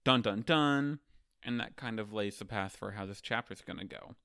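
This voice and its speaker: A man giving a casual, offhand recap of manga chapters, tossing in sarcastic asides and quick mock quotes of the characters. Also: lowish voice, little pitch movement, creaky, a bit bright, no room sound.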